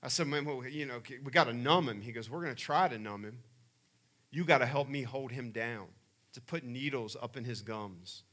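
A middle-aged man preaching a sermon, telling personal family stories and building to loud emphatic peaks. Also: mid-range voice, moderate pace. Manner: animated storyteller, rising to loud emphatic peaks. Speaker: pastor.

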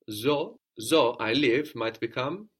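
A man's voice: mid-range voice, takes it slowly, slightly rough. A man teaching a language lesson, patiently prompting a learner and repeating and confirming each answer.

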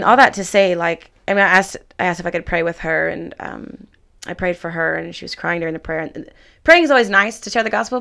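A woman's voice: lowish voice, creaky. A young woman casually telling a faith story, acting out quoted dialogue with lots of "like". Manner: animated, acts out quoted dialogue, many "like"s.

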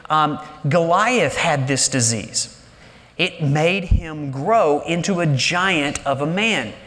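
A man delivers a sermon in a large church with an animated preaching style. His voice sits high and leaps up for emphasis before sinking low and slow. The sound carries a long reverb from the hall. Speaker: pastor.

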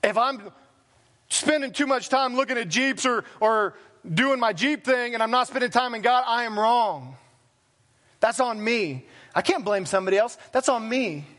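A man's voice: extremely high pitch, moderate pace, fairly bright tone. A man preaching a sermon as pastor, talking plainly and conversationally with self-deprecating asides. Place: church sanctuary.

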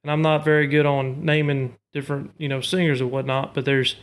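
Brief: middle-aged man, slightly high voice, patient instructional talk, repeats points. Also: little pitch movement, brisk. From Arkansas. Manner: explains technique with homely comparisons, repeats himself. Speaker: duck call maker and hunter.

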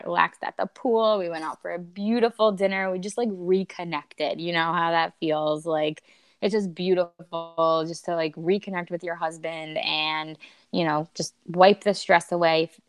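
A woman's voice: lowish voice, clear, resonant tone, dry recording. A woman in her thirties, a podcast guest, candidly and emotionally retelling a personal story with bursts of laughter.

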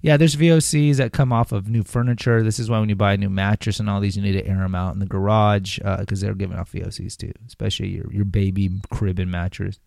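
Gravelly, low-voiced podcast host. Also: male voice, little pitch movement, quick pace, few pauses, a little mellow, dry recording, clean studio sound. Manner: rambling, sarcastic asides, reads then riffs. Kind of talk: casual commentary on health topics.

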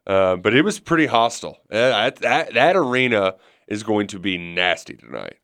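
A man's voice: on the low side, sing-song, moderate pace, a bit bright, no echo, clean studio sound. A man co-hosting casual sports talk, rambling and conversational with frequent restarts.

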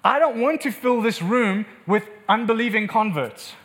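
A man's voice: sits high, expressive, moderate pace, a bit bright. A male pastor preaching an impassioned, emphatic sermon in a church meeting room, repeating words for force.

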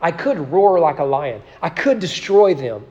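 Guy teaching church bible study, kinda high voice, chatty, keeps saying right?, muffled lo-fi recording. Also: sing-song, unhurried, mellow, long reverb tail. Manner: conversational, repeats words and tags lines with "right?"; reads scripture aloud with rising emphasis.

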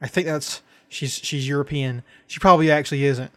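A man's voice: medium pitch, fairly even intonation, brisk. A man co-hosting a podcast in casual chat, joking and swearing as he rambles. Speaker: podcast co-host.

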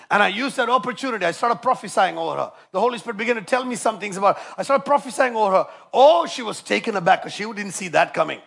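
A man preaching a sermon with passion, moving between loud emphatic lines and quieter storytelling. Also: sits high, expressive, fast talker, creaky, few pauses.

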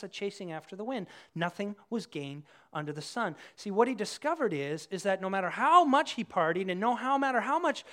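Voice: medium pitch, a bit bright. Preacher at a church service, chatty sermon, slips into little character voices. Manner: conversational, acts out quotes in voices.

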